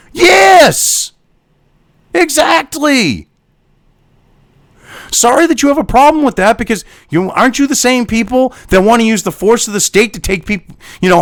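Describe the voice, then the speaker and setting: On his political commentary show, a male host reads an article and tears into it in an angry rant full of profanity and sarcastic jabs. His voice is high-pitched, captured in clean studio sound without room ambience.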